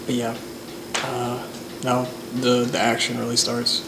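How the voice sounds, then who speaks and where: A young man talking casually to camera, relaxed and rambling, with many likes and uhs. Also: medium pitch, unhurried, gravelly. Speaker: vlogger. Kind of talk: casual vlog chat. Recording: faint background noise.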